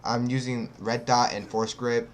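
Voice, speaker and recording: A man's voice: mid-range voice, flat delivery, measured pace, a little hiss or hum. A teenage boy casually commentating his own gameplay in a laid-back, slightly awkward way. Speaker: channel director and gameplay commentator.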